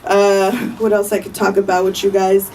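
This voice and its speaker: A woman's voice: medium pitch, completely flat delivery, moderate pace, darkish tone, recorded from a distance, a little hiss or hum, poor audio. A woman doing a stand-up comedy set at a live show, brash and profane, often laughing at her own jokes. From Armenian family.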